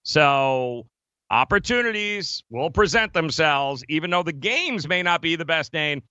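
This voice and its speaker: Male co-host, lively and bright, emphatic betting chat, dull dry studio sound. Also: a little high, unhurried, clear, resonant tone, no room sound. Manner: emphatic, laughs often, addresses co-host by name. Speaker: sports betting show co-host. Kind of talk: casual sports betting talk.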